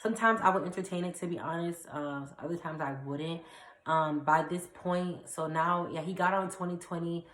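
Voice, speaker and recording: Young woman vlogger, low voice but bright and forceful, chatty storytime with lots of um and like, echoey room. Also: moderate pace. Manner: chatty, animated retelling with fillers and acted-out quotes. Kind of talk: casual storytime.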